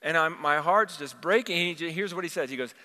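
A man's voice: fairly high pitch, fairly quick, bright, forceful tone. A man preaching a sermon, telling a personal vision story and quoting scripture with passion. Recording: long hall reverb.

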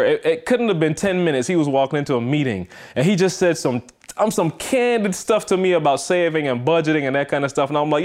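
A man hosts a motivational podcast in a relaxed, conversational way. His voice sits a little high for a man. He talks with emphasis and keeps repeating his key lines to make them land. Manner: emphatic, repeats himself for stress. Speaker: podcast host. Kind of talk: casual motivational podcast talk.

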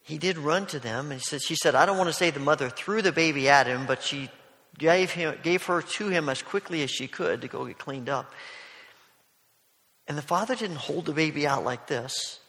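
A man preaching a sermon, telling a story in a gentle, conversational way with soft asides. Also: on the high side, normal speed. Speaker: pastor. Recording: long hall reverb.

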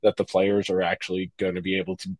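A man co-hosting a casual hockey podcast, opinionated and animated, often restarting his sentences. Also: low voice, fast, dry recording. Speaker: podcast co-host.

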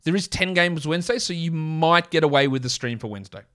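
A man with an Australian accent hosting a solo fantasy basketball podcast, rattling off player lists and quickly correcting himself. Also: fairly high pitch, lively intonation, fairly bright tone, clear, resonant tone. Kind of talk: casual solo podcast talk.

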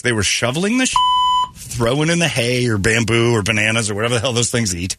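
A man's voice: mid-range voice, fast, very noisy. A man hosting a radio morning show, bantering and telling stories in a casual, comedic way. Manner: animated storyteller, slips into voices. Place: radio studio.

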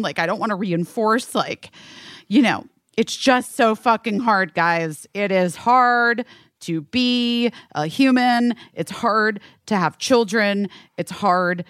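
This woman, in her thirties and co-hosting a podcast, recounts a story in lively, casual chat, voicing other people's lines and cursing freely. Her voice sits on the high side, and the recording is dry and studio quality.

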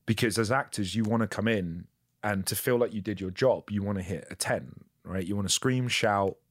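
Man, low voice, dry sound, candid, profane, self-mocking, casual chat. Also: normal speed, no room sound. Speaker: actor guest.

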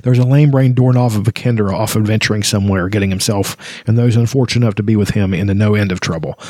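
A man reading aloud as a wise, gentle old man who is secretly a god, speaking softly and tenderly. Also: on the low side, steady tone, quick pace, no echo, lightly acted.

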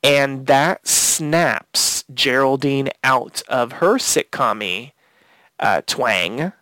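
A man's voice: mid-range voice, drawn-out words, pushed and bright, dry recording. A man co-hosting a casual podcast, recapping a TV episode scene by scene and retelling the dialogue with quotes. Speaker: podcast co-host.

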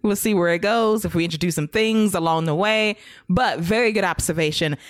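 Low-voiced woman recapping wrestling. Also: no echo, clean studio sound. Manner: brisk, recaps and acts out promos. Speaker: wrestling podcast host.

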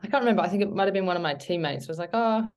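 A professional footballer from New Zealand, a woman with a low voice, chats as a guest in a casual interview at a very fast clip. She's relaxed and rambling, leaning on fillers and plenty of "like."

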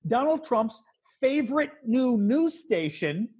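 Man, podcast host, husky, high pitch, casual political chat, animated. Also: takes it slowly. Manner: animated, rising pitch when indignant.

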